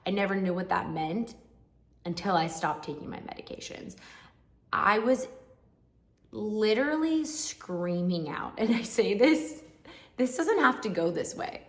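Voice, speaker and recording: A young woman vlogger with a lowish, reverberant voice tells her own story to camera. She's frank, emotional, and chatty, with many asides.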